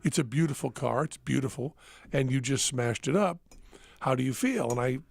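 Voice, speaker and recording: Podcast host, male, gravelly voice, self-mocking storyteller, dry close mic. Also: mid-range voice, normal speed, a little mellow, no room sound. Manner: rambling, self-mocking, laughs at his own stories. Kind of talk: casual storytelling chat. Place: studio.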